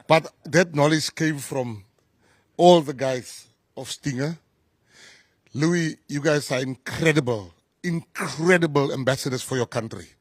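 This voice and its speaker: A man's voice: fairly high pitch, unhurried, long pauses, no room sound. A South African man, a government minister, giving an effusive, emphatic press conference speech full of repeated phrases.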